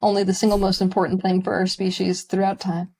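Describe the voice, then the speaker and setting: A woman's voice: medium pitch, monotone, fast, darkish tone. A woman talking as a guest on a podcast, speaking emphatically and with passion. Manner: emphatic, impassioned. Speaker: guest, spiritual teacher. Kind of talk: casual interview conversation.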